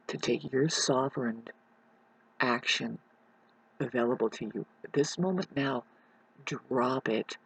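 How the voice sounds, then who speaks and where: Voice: medium pitch, measured pace, vocal fry, pauses often, breathy edge, dry recording, rough recording. A vlogger in a rural mountain home, delivering a rambling, profane, preachy rant to the camera.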